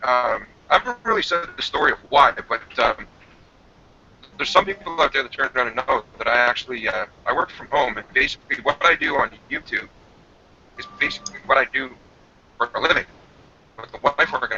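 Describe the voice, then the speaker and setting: A man's voice: mid-range voice, brisk, vocal fry, pushed and bright, breathy edge, highs cut off. A man with a New Brunswick accent hosting a casual livestream chat, chatty and full of fillers. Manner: chatty, laughs often, many fillers. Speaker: channel host. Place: home.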